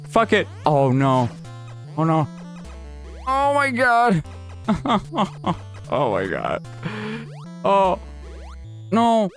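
A man's voice: sits high, huge pitch swings, very slow, pauses often, faint music behind. A man commentating his own gameplay, often frustrated, swearing and laughing at himself, sometimes pleading with the game. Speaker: gaming channel host. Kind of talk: live let's play commentary.

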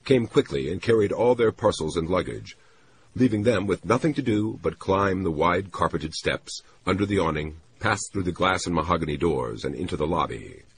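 A man doing scripted audiobook narration, expressive and voicing characters. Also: low-pitched, normal speed, noisy background.

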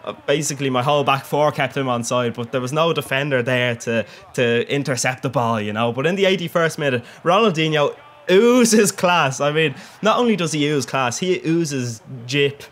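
A man's voice: medium pitch, fairly quick, few pauses, a bit bright. A young man giving casual, jokey and crude commentary over a football video game, laughing often. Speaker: gaming commentator.

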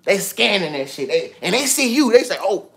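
A man giving casual motivational talk on a livestream, slangy and animated, repeating himself often. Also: sits high, a little fast, vocal fry. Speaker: vlogger. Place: indoors with TV and iPad.

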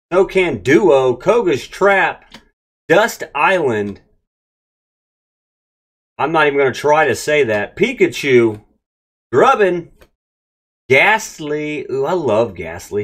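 A man hosting a casual card pack-opening vlog, excitable and gushing as he talks straight to his viewers. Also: a little high, slow pace, long pauses. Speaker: card-opening channel host.

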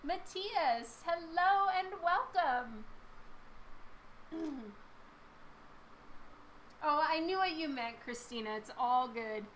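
A woman artist chatting casually with her live-stream viewers while she draws, laughing often, her voice a little hoarse. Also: high voice, animated, takes it slowly, pauses often, fairly bright tone, slight background noise, poor audio. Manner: chatty, laughs often, reads and answers chat. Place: home studio with a fan running.

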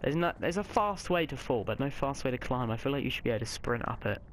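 Man, casual game commentary, mid-pitched, swears a lot, background noise audible. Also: expressive, fast. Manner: chatty, swears often, reacts loudly to the game. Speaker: let's play gamer.

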